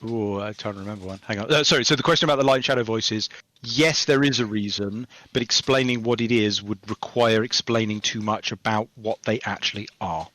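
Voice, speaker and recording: A man's voice: fairly low pitch, fairly quick, dry recording. A man guesting on a podcast, chatting casually and telling stories with frequent laughter. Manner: chatty, laughs often, lively storytelling. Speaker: game developer guest.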